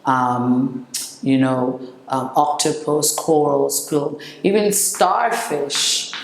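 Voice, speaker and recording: Low-voiced woman teaching vocabulary slowly. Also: lively intonation, gravelly, echoey room. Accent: Senegalese French. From Senegal. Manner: switches between English and French, repeats words slowly for pronunciation. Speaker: English teacher. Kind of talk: classroom vocabulary lesson.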